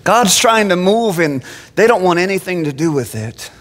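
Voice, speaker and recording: A man preaching an animated sermon from the pulpit, often restarting his phrases. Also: high-pitched, normal speed. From Phoenix. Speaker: pastor. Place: church sanctuary. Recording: long church-hall reverb.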